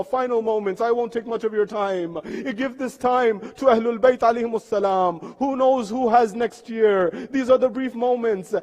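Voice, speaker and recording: A man preaching a sermon in a mosque, impassioned, rising loud on chanted poetry and sinking low and quiet on laments. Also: highs cut off. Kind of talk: sermon with recited Urdu poetry. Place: mosque hall. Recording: live stream with long hall reverb.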